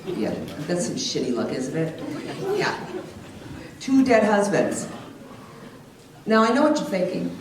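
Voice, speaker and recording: A woman's voice: on the low side, big pitch swings, measured pace, long pauses, noisy background. A middle-aged woman doing a stand-up comedy set, teasing the crowd with brash jokes. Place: comedy club stage. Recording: echoey club from far off with loud crowd. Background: audience laughter.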